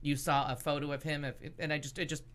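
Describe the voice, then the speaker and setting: A woman co-hosting a casual talk show, telling a story in a rambling, halting way with many restarts. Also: low-pitched, level tone. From United States. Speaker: podcast host. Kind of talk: casual chat.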